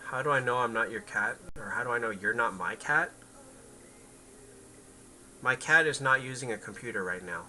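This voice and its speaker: A man's voice: mid-range voice, moderate pace, long pauses, pushed and bright, slight background noise, rough recording. A man chatting casually on a game livestream, rambling to his viewers and his cat. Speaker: game streamer.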